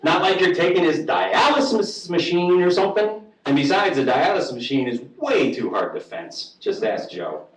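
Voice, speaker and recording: Before a live audience, a man reads a comic story aloud, wry and profane, acting out the voices. His high voice has lively intonation at a moderate pace, recorded at a distance in an echoey room with faint noise.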